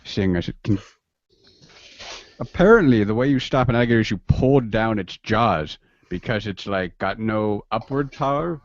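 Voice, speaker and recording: A man's voice: lowish voice, expressive, moderate pace, dry recording, highs cut off. A man chatting casually with a friend while playing a game, joking and rambling with frequent laughs.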